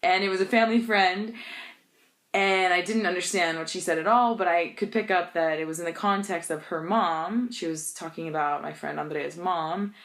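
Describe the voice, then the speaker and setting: A young woman vlogger with a slightly low voice tells funny stories in a casual vlog at normal speed. She's chatty, animated and laughs often, and English is her first language.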